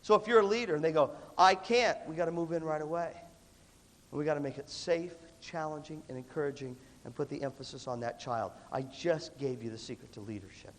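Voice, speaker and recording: A man giving an animated live motivational talk to students, often coughing and acting out voices. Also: fairly high pitch, fairly quick. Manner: animated, acts out quoted voices, coughs between phrases. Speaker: motivational leadership speaker. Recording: reverberant hall recording, faint background noise.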